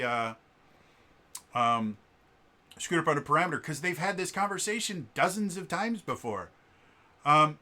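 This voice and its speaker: Bright-voiced man telling a rambling story. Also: fairly high pitch. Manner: rambling, with many fillers and restarts; acts out quoted people. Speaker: vlog host. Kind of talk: casual storytelling.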